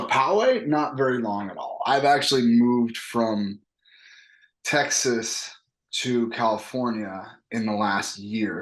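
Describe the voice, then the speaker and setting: A man's voice: lowish voice, echoey room. A man in his thirties, a wrestling coach, telling stories casually in an interview and acting out the voices of the people he quotes. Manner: animated, acts out quoted voices. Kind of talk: casual interview talk, lively storytelling.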